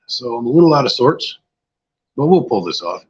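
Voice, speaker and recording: A man's voice: mid-range voice, big pitch swings, normal speed, husky, lo-fi sound. An older man hosting a casual livestream, tired and a bit scatterbrained, chatting loosely with viewers. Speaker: livestream host. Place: outdoors-like spot at home.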